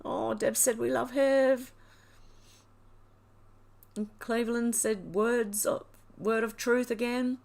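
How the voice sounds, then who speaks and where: Overcome with emotion, a woman from Australia hosts a livestream and reads viewers' comments out loud, teary and laughing through it. She speaks slowly in a slightly mellow, somewhat high voice with a steady tone, vocal fry and frequent pauses.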